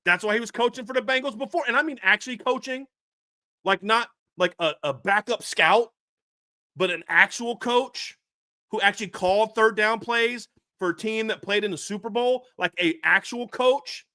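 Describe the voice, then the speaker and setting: A man's voice: high voice, moderate pace, sharp tone, dry recording, studio quality. A man co-hosting a sports podcast, ranting heatedly about his team's coaching, fired up and repeating himself with restarts. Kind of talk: heated sports commentary rant.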